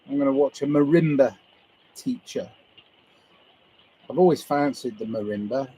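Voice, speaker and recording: A man's voice: mid-range voice, normal speed, long pauses, dark tone, breathy edge, poor audio. A man livestreaming to viewers, musing his way through a loose, meandering monologue and swearing casually.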